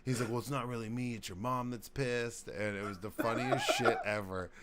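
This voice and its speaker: A man's voice: medium pitch, fairly even intonation, moderate pace, very noisy. A man in his thirties, a podcast host, telling old party stories in casual chat and swearing freely. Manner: laid-back storytelling, heavy swearing.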